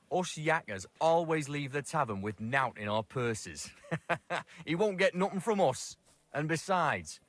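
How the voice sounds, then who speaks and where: An actor voicing a rough working-class male tavern drinker with a Northern English accent, gruff and blunt, in video game dialogue. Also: medium pitch, fairly bright tone, no room sound. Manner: gruff, blunt, laughing dialect talk.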